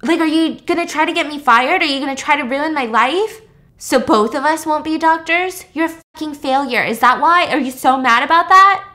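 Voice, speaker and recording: A flustered young male doctor stammers out excuses, voiced by a woman retelling the plot. He grows defensive and raises his voice. The voice is pitched high for a man. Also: steady tone, a little fast, lightly acted. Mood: defensive, angry. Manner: stammering, then defensive and loud.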